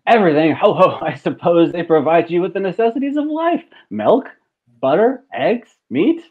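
A gloating, greedy factory owner, read by a man in a hammy comic style. His voice sits a little high and comes through a tinny, phone-like video call line. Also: big pitch swings, moderate pace. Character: greedy gloating male industrialist.

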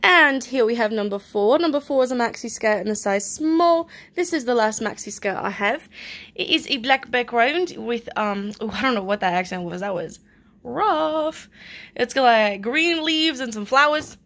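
Chatty woman with a high voice. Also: animated, normal speed, few pauses, fairly bright tone. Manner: chatty, filler-heavy item descriptions. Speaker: online reseller. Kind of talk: casual live-sale vlog.

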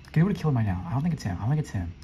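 A young man giving excitable commentary over his own gameplay as a channel host, often jumping into squeaky teasing voices. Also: racing, slight background noise, low-quality recording.

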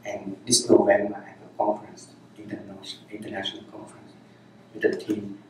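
A man gives a dharma talk as a Zen teacher, his lowish voice completely flat and fairly quick, though he speaks unhurriedly in short phrases he repeats. The meditation center hall is very echoey, he sounds distant, and there is a little hiss or hum.

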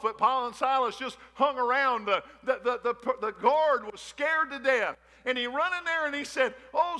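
Male pastor, very high voice, fervent folksy sermon, long church reverb. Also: pushed and bright. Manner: fervent, repetitive preaching with folksy asides. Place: church sanctuary.

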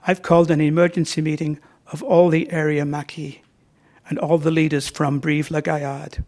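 A man reading aloud from a novel, voicing a mature male priest who speaks quietly and gently in a deep voice. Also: normal speed, close to an everyday voice. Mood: calm, urgent. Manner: quiet, calm, inviting confidence.

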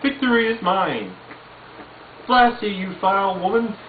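A man's voice: sits high, very animated, measured pace, reverberant, far from the mic, narrow, tinny audio, a little hiss or hum, voice pushed up. A man voicing a posh, scheming cartoon baby with a haughty accent. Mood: imperious.

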